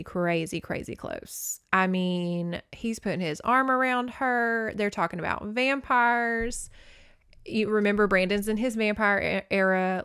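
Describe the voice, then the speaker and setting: A woman's voice: medium pitch, a bit bright, clear, resonant tone. A young adult woman hosting a podcast, recapping a horror novel in a chatty, playful way with sarcastic asides. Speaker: podcast host. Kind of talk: casual book recap podcast.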